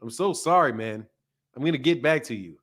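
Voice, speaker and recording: A man's voice: mid-range voice, expressive, fairly quick, a bit bright. A man hosting a casual livestream, loosely greeting viewers by name in a chatty way. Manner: loose and chatty, reads viewer names aloud. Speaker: livestream host.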